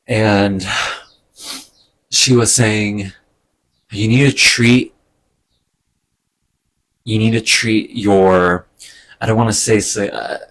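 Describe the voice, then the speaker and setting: A man talking in a casual personal vlog, hesitant and rambling, getting emotional with soft laughs. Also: on the low side, slow pace, long pauses. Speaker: vlogger. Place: indoors at home during a move.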